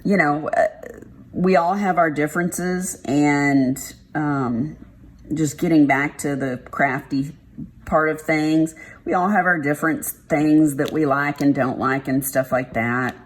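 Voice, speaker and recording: Low, slow-talking Texan woman, casual and blunt craft vlogger. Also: fairly even intonation. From Texas. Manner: rambling, frank, uses y'all and mild swearing. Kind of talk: casual chat while diamond painting.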